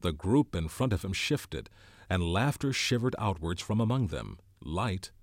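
A man narrating a novel in an expressive storytelling manner. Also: sits low, no room sound, clean studio sound. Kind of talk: audiobook narration.

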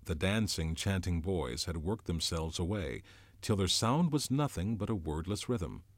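A man narrating a novel in a measured, dramatic storytelling manner. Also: low voice, expressive, no echo. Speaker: audiobook narrator. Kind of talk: scripted narration.

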